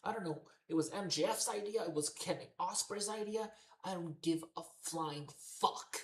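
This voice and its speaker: A wrestling show reviewer with a fairly low voice vents heatedly at a moderate pace, cursing constantly. Her repetitive, exasperated rant echoes around a roomy space.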